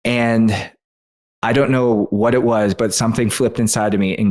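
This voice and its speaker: A man's voice: fairly low pitch, steady tone, moderate pace, a little mellow. A man, a guest author on a podcast interview, telling a personal story in an earnest and emotional way.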